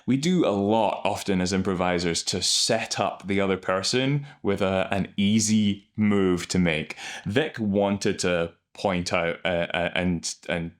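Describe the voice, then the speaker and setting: A man, an improv coach hosting, explaining scenes in an animated, enthusiastic way. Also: deep voice, measured pace, hardly any pauses. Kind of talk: reaction and analysis commentary.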